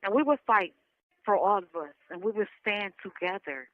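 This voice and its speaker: A woman survivor gives an impassioned, emotional message to other women, rallying them with repeated calls while near tears. Her animated mid-range voice moves at a moderate pace on a dry, dull lo-fi recording.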